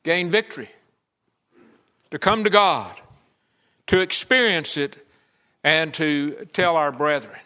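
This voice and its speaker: A man's voice: on the high side, slow pace, pauses often, pushed and bright. A man preaching a conversational sermon at a church service, acting out the voices he quotes.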